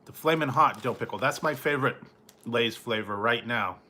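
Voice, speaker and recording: At a moderate pace, a food reviewer's mid-range voice comes through pushed and bright, with slight background noise. His casual late-night talk rambles and trails off, broken up by frequent chuckles.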